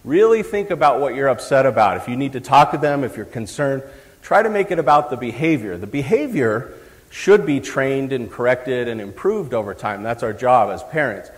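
With lively intonation and a moderate pace, a middle-aged man speaks at a parenting event, his voice medium in pitch. He's a psychologist addressing a crowd in a big hall, chatty and jokey, and the recording carries long reverb.

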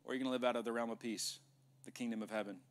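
A male pastor preaching a sermon in a church, animated, joking with the congregation and acting out dialogue. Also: mid-range voice, rapid-fire, clean tone. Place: church sanctuary.

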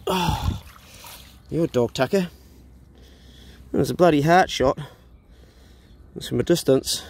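A man's voice: fairly high pitch, unhurried, pauses often, a little hiss or hum. A man with a New Zealand accent narrating a casual outdoor vlog on a farm, swearing freely and chatting to the animals. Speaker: vlogger and hunter.

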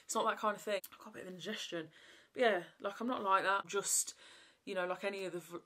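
A woman's voice: medium pitch, steady tone, fast, sharp tone. A woman, chatting casually to camera in a rambling way, full of fillers. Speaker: vlogger.

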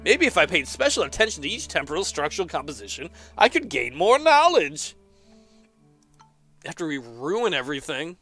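A man's voice: fairly high pitch, big pitch swings, normal speed, a bit bright, no echo, soft background music. A man casually commenting on a game as he plays, exclaiming often, laughing and reading the game's text aloud. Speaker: let's player.

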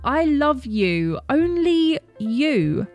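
A woman voicing a young girlfriend who pleads and apologizes through tears, read slowly over faint music. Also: high-pitched, sing-song, darkish tone, heavily acted. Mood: pleading. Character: tearful young woman begging her boyfriend.

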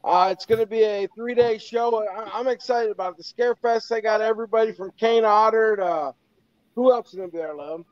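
A man's voice: high-pitched, brisk, a little mellow, clear, resonant tone. A man co-hosting a podcast, chatting in a plain, easygoing way. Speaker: co-host. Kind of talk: casual chat. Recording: dull lo-fi sound.

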